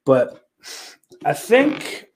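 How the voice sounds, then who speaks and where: A man hosts his own movie vlog, showing off the films he's bought in loose, profane, rambling talk full of fillers, often trailing off and starting over. His voice sits a little high and swings hugely in pitch. He speaks extremely slowly and offhandedly, with a faint hiss or hum in the background.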